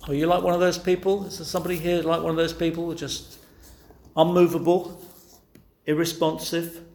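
A man delivers an earnest, pleading sermon, pressing his hearers again and again with direct questions. His voice sits a little higher than most men's. It rings out in a roomy, echoing space. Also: little pitch movement, moderate pace, vocal fry, darkish tone. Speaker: preacher. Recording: echoey room.

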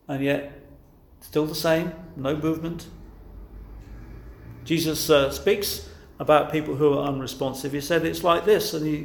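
Earnest preacher in an echoey room. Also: male voice, on the high side, gravelly. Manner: earnest, pleading, rhetorical questions. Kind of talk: sermon.

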